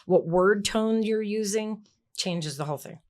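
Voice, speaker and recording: A woman's voice: mid-range voice, measured pace. A woman guest in an interview, a former executive assistant, explaining emphatically with acted-out examples. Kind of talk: interview answers.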